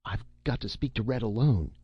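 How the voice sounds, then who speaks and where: Man as young boy, frantic, timid, higher, husky voice. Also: lively intonation, moderate pace, dry recording, muffled recording. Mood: urgent.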